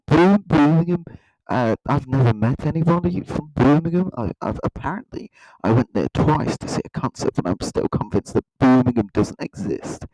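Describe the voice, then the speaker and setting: A man's voice: mid-range voice, dark tone, dry recording, rough recording. A man hosting a satirical comedy video, rambling in a mock-serious way and often tripping over his words. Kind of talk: satirical monologue to camera.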